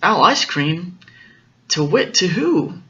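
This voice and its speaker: A man's voice: high voice, very animated, unhurried, pushed and bright, muffled recording, pitched above the performer's own voice, full character voice. A man voicing a fussy, easily scared owl in a storybook reading, with a hooting, airy voice. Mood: startled.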